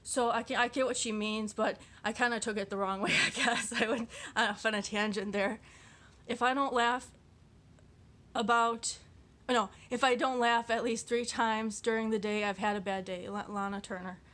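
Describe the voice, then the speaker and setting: A woman's voice: fairly high pitch, steady tone, normal speed, fairly bright tone. A woman vlogging casually, reading quotes aloud and reacting to them in a rambling, chatty way, full of fillers and restarts, often giggling at herself. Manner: giggly and self-deprecating.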